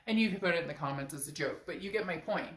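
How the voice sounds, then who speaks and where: A woman's voice: fairly low pitch, lively intonation, fast talker, a bit bright, echoey room. A woman with a stuffed-up nose giving a chatty, emphatic tarot reading straight to her viewers. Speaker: tarot reader.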